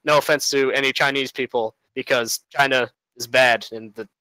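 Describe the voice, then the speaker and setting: A man's voice: medium pitch, fairly even intonation, normal speed, pushed and bright, clear, resonant tone, no room sound, poor audio. A man giving a rambling, casual debate argument, full of fillers and little laughs.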